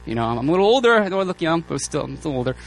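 A man's voice: fairly high pitch, rapid-fire, creaky, faint music behind. Casual joking male preacher. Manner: casual, joking, animated storytelling with many fillers. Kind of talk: sermon with personal anecdotes.

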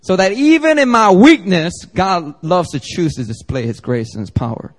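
A man's voice: high-pitched, lively intonation, normal speed. Joking conversational male pastor. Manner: conversational, joking, acts out dialogues. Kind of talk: sermon. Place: church service.

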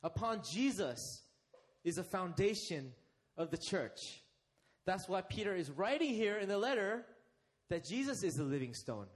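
A young man delivers a sermon in a high, animated voice that rises and falls freely. He keeps questioning his congregation and drawing them in. He slows right down to stress the phrases that matter. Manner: interactive, asks the congregation questions and leads them. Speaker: preacher.

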